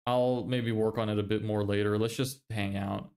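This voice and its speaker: A man's voice: fairly low pitch, fairly even intonation, normal speed, darkish tone. Chatty young man streaming. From Ireland. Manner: loose and chatty, swears, laughs often. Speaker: livestreamer and agency owner. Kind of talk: casual livestream chat reading viewer messages.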